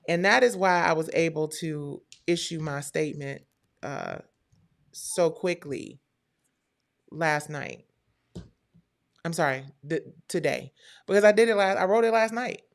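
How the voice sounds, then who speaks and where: A woman's voice: low voice, measured pace, pauses often. A woman hosting a live stream, chatting casually and talking straight to her viewers.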